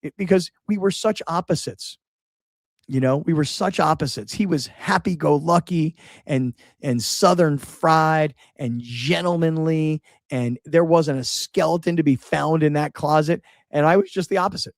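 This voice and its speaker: Halting middle-aged male radio host. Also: fairly high pitch, creaky, dry recording, clean studio sound. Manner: halting, repeats words, shifts between sad and laughing. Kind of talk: emotional on-air remembrance.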